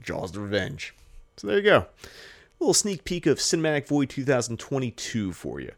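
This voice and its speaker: Male podcast host, mid pitch, very lively swooping delivery, swears a lot, jokey. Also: moderate pace. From Los Angeles area. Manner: animated, profane, jokey, acts out characters. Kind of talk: casual podcast movie chat.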